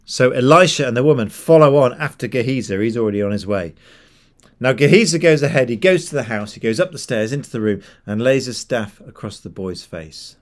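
A male preacher at medium pitch, telling a Bible story in an easy conversational tone. He acts out what each character says as he goes. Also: lively intonation, brisk. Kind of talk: sermon retelling a Bible story.

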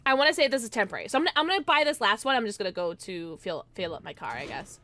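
A woman streamer giving excitable, jokey live gameplay commentary, quick to laugh. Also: mid-range voice.

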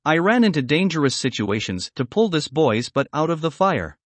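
A man's voice: a little high, sing-song, normal speed, no echo. A man voicing a confident teenage girl who scolds her friend.

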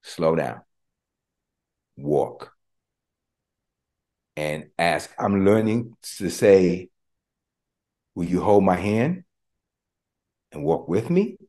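Deep-voiced preacher, fervent then hushed. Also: male voice, sing-song, slow pace, pauses often. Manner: call-and-response preaching, gets quiet and emotional in prayer. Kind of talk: livestreamed sermon.

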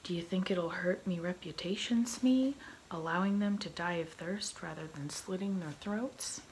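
A woman's voice: lowish voice, moderate pace, a little hiss or hum, close to an everyday voice, low-quality recording. A woman whispering as an impatient pirate captain. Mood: gruff. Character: fearsome vain male pirate captain. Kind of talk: whispered role-play.

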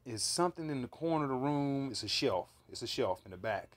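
A man's voice: mid-range voice, brisk. A man recounting a vivid dream in a casual monologue, swearing freely and rambling with fillers and restarts. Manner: profane, animated, rambling with fillers.

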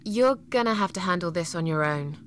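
A woman's voice: expressive, fairly quick, a little hiss or hum, close to an everyday voice. An actress voicing a lonely, weary woman in her forties in a game, grudging and sardonic. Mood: wry. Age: 40s. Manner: grudging, sardonic, low-key. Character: lonely weary middle-aged woman, reluctant and dry. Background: game music.

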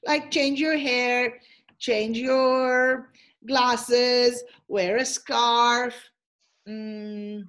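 A lively woman teacher trainer running an online webinar over a video call, voice sitting somewhat high. She explains activities in an encouraging, instructive way and chats with participants. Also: extremely slow.

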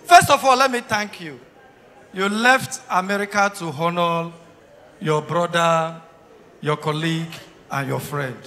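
A man with a Nigerian Pidgin English accent doing live stand-up comedy, teasing the crowd and breaking into sudden shouts. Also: on the high side, measured pace. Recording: reverberant hall sound.

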